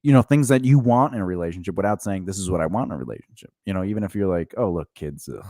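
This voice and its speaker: A man's voice: low-pitched, rapid-fire, warm tone, no room sound, studio quality. A man co-hosting a joking casual chat, often laughing and acting out quotes in silly voices. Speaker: podcast co-host.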